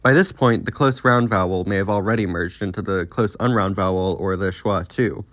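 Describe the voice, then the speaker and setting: A man narrating a scripted educational video on linguistics in a measured, explanatory way. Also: sits low, fairly bright tone, no room sound.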